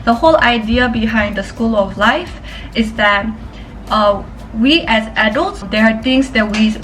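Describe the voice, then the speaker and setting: A woman's voice: on the high side, a bit bright, a little hiss or hum. A woman from Korea, chatting casually and thoughtfully in a vlog. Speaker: vlogger. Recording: distant mic with music. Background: background music.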